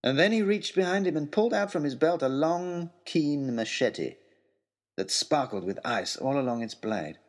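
A man narrating a children's adventure story in a dramatic, expressive storytelling manner. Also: on the high side, moderate pace.

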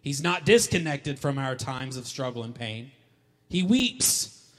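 A male pastor preaching a sermon emphatically, repeating key lines and building to loud calls. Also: mid-range voice, big pitch swings, unhurried. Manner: emphatic, repeats lines for effect, rising to shouts. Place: church hall. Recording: long hall reverb.

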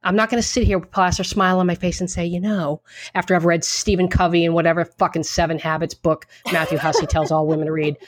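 A woman's voice: fairly low pitch, little pitch movement, fast talker, few pauses, no echo. A woman co-hosting a casual talk show, blunt and emphatic, swearing freely as she gives her opinions. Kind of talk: casual chat.

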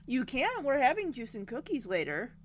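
A gentle preschool teacher with a high, soft voice, as a woman puts her on. She coaxes kindly and sounds sweet as she tempts a parent to stay. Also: huge pitch swings, moderate pace, slight background noise. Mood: coaxing.

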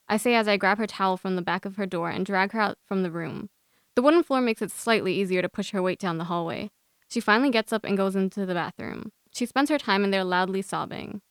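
Young woman guest reading her own story, smooth and clear voice, close and dry. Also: medium pitch, fast talker, no room sound. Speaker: guest author. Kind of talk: reading a personal essay aloud.

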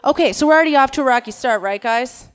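Talking fast in a high, smooth voice, a Minnesota-born comedian works the crowd on stage at a live show. She's nervous and pokes fun at herself throughout.

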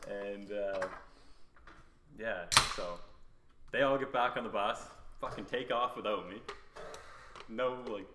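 A man's voice: on the low side, slow pace, long pauses. A young man telling a rambling, laughing story in casual chat, swearing often. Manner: rambling, laughing, heavy swearing, quotes himself. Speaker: podcast guest. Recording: echoey room, background noise.

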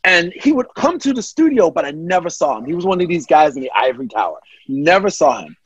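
A man's voice: on the high side, fast, slightly rough, no room sound, highs cut off. A man, a guest comedian, telling a story in casual chat and acting out the people he quotes. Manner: animated, acts out quoted voices.

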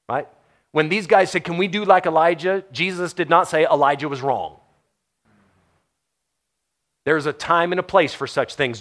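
Guy preaching, lively storytelling, acts out the quotes, voice on the higher side. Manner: animated storytelling, acting out quotes, laughs often. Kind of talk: sermon.

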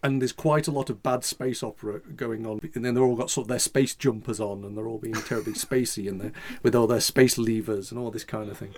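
A man chats casually as a podcast co-host. He rambles and restarts his sentences, filling gaps with "you know" and "I mean," in a voice of middling pitch. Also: fairly even intonation, fairly quick, few pauses, darkish tone. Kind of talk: casual chat.

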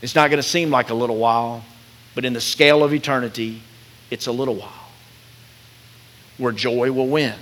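A medium-pitched man leads a sermon as pastor, bringing quoted voices to life animatedly. Softness and slowness take over at the tender parts.

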